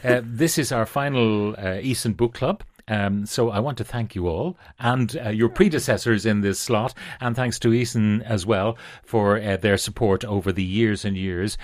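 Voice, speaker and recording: A man hosts a book club segment on the radio. His voice sits low and sounds dry and close. He speaks at a measured pace with frequent "uh"s and restarts. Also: no room sound. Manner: halting, many "uh"s, measured. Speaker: radio show host. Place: radio studio.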